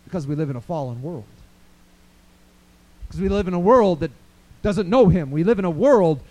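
High-voiced fervent male preacher. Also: lively intonation, normal speed, rough recording. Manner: builds from hushed to loud fervent declarations. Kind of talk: sermon.

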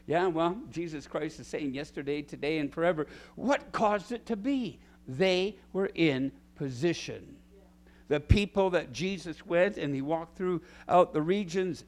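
A middle-aged pastor preaches a sermon to his small church, acting out scripture with big swings in pitch and loudness.

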